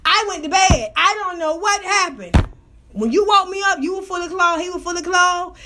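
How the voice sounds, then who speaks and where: A woman hosting a podcast, telling a story in a profane, animated, slang-heavy way with frequent laughter. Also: extremely high pitch, normal speed, background noise. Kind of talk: casual storytelling monologue.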